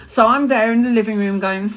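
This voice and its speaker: A woman, a mother hosting a live tarot stream, tells a personal story in a casual, animated way, swearing often and laughing between lines. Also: on the high side, fairly quick. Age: adult mother. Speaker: tarot reader and livestream host.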